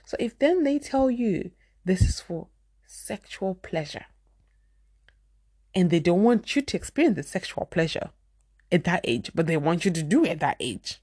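Zimbabwean mom vlogging, lowish voice, earnest, hammers her point by saying it twice, super dry close sound. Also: big pitch swings, moderate pace, pauses often, dark tone, breathy edge, no echo. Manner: earnest and emphatic, repeats key phrases. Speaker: parenting vlogger. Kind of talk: candid personal talk to camera.

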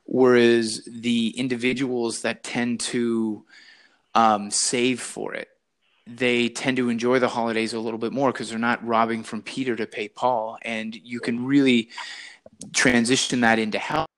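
A man's voice: mid-range voice, level tone, a little slow, a bit bright. Rambling man hosting a call-in podcast. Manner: rambling, repeats words, asks "right?". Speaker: podcast host. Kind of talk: casual health podcast chat. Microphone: remote call.

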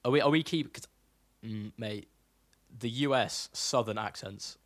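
A young man, a podcast guest in casual chat, quick and laughing often. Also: medium pitch, no room sound.

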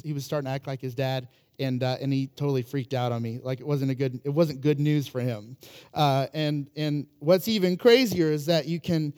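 A man's voice: a little high, darkish tone. A man preaching a casual sermon, telling humorous family stories in a conversational way, full of fillers and restarts. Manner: humorous, self-deprecating anecdotes. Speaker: pastor.

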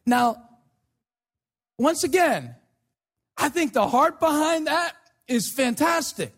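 A man's voice: very high voice, lively intonation, takes it slowly. A man preaching a sermon in a conversational, sarcastic way, teasing everyday prayer habits. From United States. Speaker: pastor.

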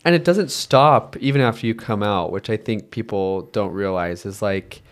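A male podcast co-host with a lowish voice chats casually about a film at normal speed. He comes across as earnest and emotional, meandering and rambling with lots of fillers.

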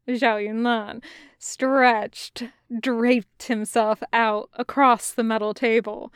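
A woman narrating a fan fiction audiobook in an unhurried, even reading style. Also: a little high, smooth, dry recording, clean studio sound. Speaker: podfic reader.

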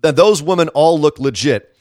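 A man's voice: fairly high pitch, expressive, normal speed, a little mellow, no room sound, clean studio sound. Opinionated man co-hosting a wrestling show. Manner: opinionated, sarcastic. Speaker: wrestling podcast co-host. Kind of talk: casual chat.

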